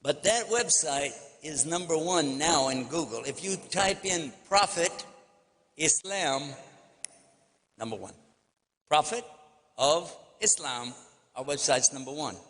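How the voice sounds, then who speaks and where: A man's voice: medium pitch, fairly bright tone. An older man with a Texan accent giving a public lecture as a preacher, telling stories in a folksy way and acting out phone calls. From Texas, United States. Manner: folksy storytelling, acts out phone dialogue. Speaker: Islamic preacher. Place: large convention hall. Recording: long hall reverb.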